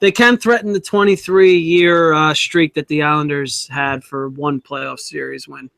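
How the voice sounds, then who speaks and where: A man co-hosting a casual sports podcast, talking in a halting way with frequent restarts. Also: a little high, steady tone, vocal fry, a bit bright, dry recording. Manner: halting, restarts words often. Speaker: podcast co-host.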